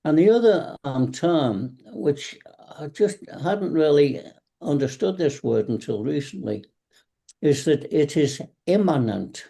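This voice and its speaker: A slow-talking man who teaches tai chi and qigong rambles through anecdotes on a video call during a casual online panel, voicing the lines of people he talks about, cab drivers included. His voice is a little high, gravelly, and warm, with lively intonation.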